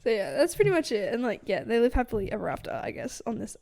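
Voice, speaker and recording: A woman's voice: fairly high pitch, big pitch swings, fast, vocal fry, darkish tone. A young woman co-hosting a book podcast, recapping a novel in casual chat with lots of fillers and frequent laughs. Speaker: podcast co-host.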